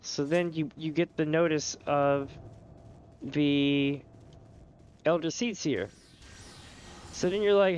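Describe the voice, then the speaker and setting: A man's voice: a little high, slow pace, long pauses, clean tone. A man streaming a game, chatting casually and telling rambling stories with laughter. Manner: rambling, animated storyteller who often laughs and slips into voices.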